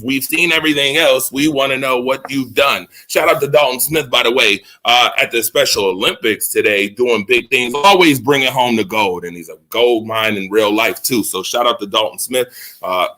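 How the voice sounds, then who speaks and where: A man co-hosting a casual sports talk radio show. He talks loosely to listeners and his on-air partner. His delivery is animated, and he keeps jumping into high, excited exclamations.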